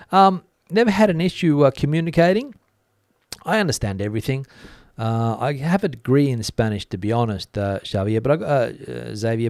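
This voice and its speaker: A man's voice: mid-range voice, darkish tone, no echo, studio quality. A middle-aged man hosting a casual livestream, reading out viewer comments with many hesitations. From Australia. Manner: hesitant, lots of uh fillers, reads out comments. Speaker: livestream host reading chat. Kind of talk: casual live chat.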